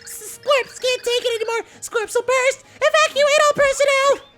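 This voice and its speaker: A man voicing a small fussy alien creature in a very high squeaky voice, for a video game let's-play. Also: normal speed, bright, forceful tone, faint music behind. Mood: panicked.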